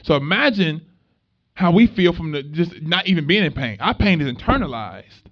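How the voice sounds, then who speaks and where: A young male minister talks to an audience, lively and conversational, and slips into other people's voices as he tells stories. His voice sits a little high. The recording is dull and lo-fi, with the top end muffled. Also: normal speed. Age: young adult. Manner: animated storytelling, acts out voices in dialogue. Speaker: minister and activist speaker. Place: event space at a market.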